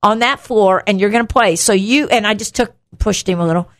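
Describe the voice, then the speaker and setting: A middle-aged woman co-hosting a Christian talk show, telling a story with lively asides and laughter. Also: medium pitch, a little fast. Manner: animated storyteller, acts out voices, laughs often. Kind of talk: casual faith talk, storytelling.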